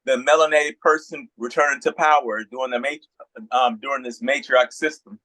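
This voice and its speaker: Bright-toned man thinking aloud. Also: mid-range voice, fairly even intonation, brisk, no echo, rough recording. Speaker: panel guest. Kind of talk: casual online panel chat.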